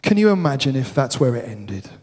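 A man preaching a sermon, stressing his points by repeating words, sometimes dropping to a hushed, solemn tone. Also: medium pitch, sing-song, fairly quick. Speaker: pastor. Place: church hall. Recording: long hall reverb.

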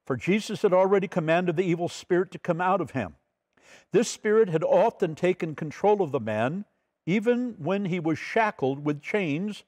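A male pastor leading a midweek Bible study in a fairly high voice. He tells an anecdote and reads the scripture aloud in a measured, steady way. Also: no room sound.

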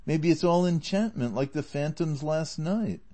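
A man's voice: on the high side, animated, measured pace, mellow. A male narrator voicing an anxious, plain-spoken peasant squire who talks bluntly and pleads with exasperation. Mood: doubtful.

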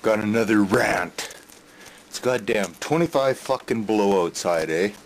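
An older Canadian man venting in an angry rant to camera, swearing heavily, yelling and repeating himself. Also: fairly low pitch, lively intonation, a little slow, a little hiss or hum. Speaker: vlogger.

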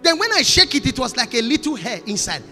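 Nigerian male pastor, high bright voice. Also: big pitch swings, fast, long reverb tail, faint music behind. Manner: preaches in Pidgin, building to shouted prophecy. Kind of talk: sermon. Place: large church hall.

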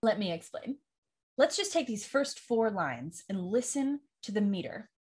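Husky-voiced woman teaching Shakespeare. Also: medium pitch, animated, measured pace, a little mellow. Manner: enthusiastic, explanatory, demonstrates meter aloud. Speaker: acting teacher. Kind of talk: Shakespeare monologue tutorial.

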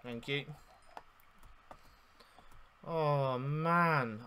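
A young man commentating on his own gameplay, exasperated and swearing, swinging between loud outbursts and mock mourning. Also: a little high, extremely slow, long pauses, slight background noise. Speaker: gaming YouTuber. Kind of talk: casual game commentary.

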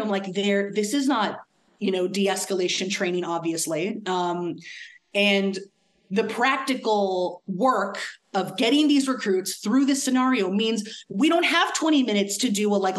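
A young adult woman telling a story in a casual talk, laughing often and acting out the voices of the people in it. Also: a little high. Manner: animated, laughs often, acts out quoted voices. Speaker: academic speaker.

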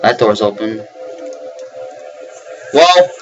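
A man's voice: on the low side, lively intonation, drawn-out words, muffled recording, over music. A young man giving nervous running commentary on a horror game, breaking into panicked repeated words and yelps. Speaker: let's play gamer.

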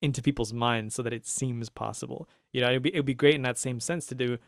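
Animated rambling man on a podcast. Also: mid-range voice, fast, creaky, no room sound, clean studio sound. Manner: animated, rambling, frequent restarts and laughs. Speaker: podcast co-host. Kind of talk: casual panel discussion.

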